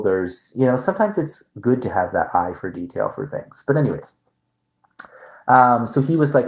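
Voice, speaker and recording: A man in a relaxed, rambling livestream chat, talking to viewers at a mid-range pitch. His delivery is loose and meandering, with casual swearing. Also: normal speed, poor audio. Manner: rambling, laid-back storytelling with swearing. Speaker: livestream host.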